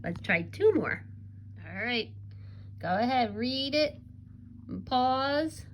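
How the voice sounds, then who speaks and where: A kindergarten teacher with a high, animated voice teaches a recorded reading lesson to young children at a slow pace. She's upbeat and encouraging in a sing-song teacher voice, with slight background noise.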